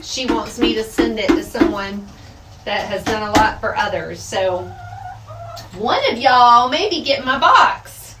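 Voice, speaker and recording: Clucking chickens, a rooster and loud outdoor noise fill this clip of a vlogger standing by a chicken coop in the rain, homily chatting with both her viewers and her birds. Her voice is a little high and sounds roomy, far from the mic.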